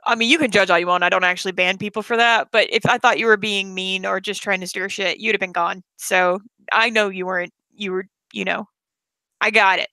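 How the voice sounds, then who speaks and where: A woman's voice: mid-range voice, steady tone, fairly quick, pushed and bright, dry recording. A woman hosting a livestream chat, blunt and casual, swearing freely and laughing often. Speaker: livestream host.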